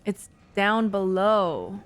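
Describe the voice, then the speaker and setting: A woman's voice: mid-range voice, lively intonation, extremely slow, faint music behind. A woman streamer joking and chatting while playing a horror game. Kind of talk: casual gaming commentary.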